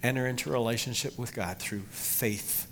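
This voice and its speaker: A middle-aged man preaching a sermon to his congregation, emphatic, rising loud for emphasis and then dropping low. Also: normal speed, a little hiss or hum. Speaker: pastor.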